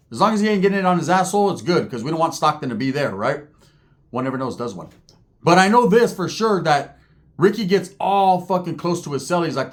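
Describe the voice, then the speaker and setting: Vlogger, male, fairly high voice, slangy profane storyteller who keeps checking in with the listener. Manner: animated, slangy, cursing, asks the listener for agreement.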